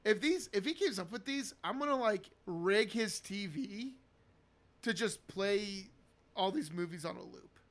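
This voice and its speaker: Co-host type, excitable guy with a high, bright voice, laughs a lot on mic. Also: measured pace. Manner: enthusiastic, laughs often, acts out quotes. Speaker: podcast co-host. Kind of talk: casual movie chat. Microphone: podcast microphone.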